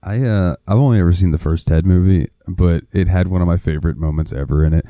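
Very deep-voiced, laid-back man. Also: fast, mellow, dry recording, clean studio sound. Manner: laid-back, rambling storyteller. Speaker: podcast co-host. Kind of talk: casual chat.

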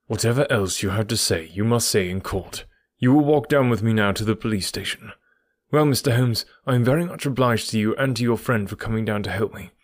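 A man's voice: on the low side, a little fast, no room sound, studio quality, natural voice. A man reading the part of a stern, self-satisfied police inspector with an officious manner.

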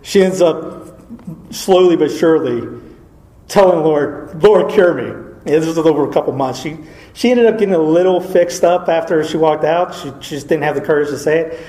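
A man's voice: a little high, moderate pace, dark tone. A man reading aloud from an old religious book, breaking in with casual asides and chuckles. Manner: informal asides, chuckling, frequent fillers. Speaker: Catholic speaker reading from a saint's life. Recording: echoey room.

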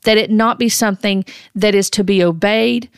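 Earnest woman with a gravelly edge. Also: mid-range voice, fairly even intonation, no room sound. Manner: earnest, deliberate, with frequent restarts. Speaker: host. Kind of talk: critical commentary on prophecy videos.

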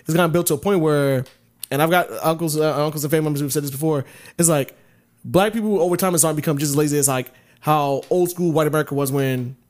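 A man talks quickly in a slightly high voice, co-hosting a casual podcast chat. He rambles, swears freely and restarts his sentences often. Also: a little mellow. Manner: rapid, profane, rambling with many restarts. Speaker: podcast co-host.

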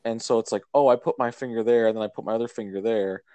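A man's voice: medium pitch, steady tone, fast, dark tone, dry recording. A man co-hosting a casual music podcast, rambling through his points with many fillers and restarts. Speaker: podcast co-host. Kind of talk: casual chat about records.

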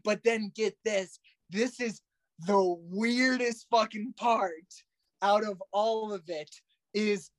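A young man telling a story in a casual, animated way, swearing a lot and using slang. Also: sits high, dry recording.

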